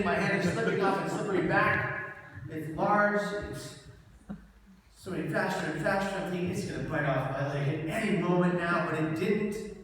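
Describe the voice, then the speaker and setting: A man telling his personal story to an audience as a public speaker, dramatic, swinging between hushed and loud. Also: high voice, moderate pace. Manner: dramatic, shifts from hushed to shouting for effect. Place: large event hall. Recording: echoey hall, mic far off, noisy.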